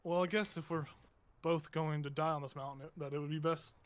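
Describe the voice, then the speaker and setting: A man's voice: a little high, fairly even intonation, a little fast, lightly acted. A man voicing a wounded, rugged male adventurer who is coming in and out of consciousness and talks in a drowsy, wry way. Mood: dazed. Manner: drowsy, wry, half-delirious.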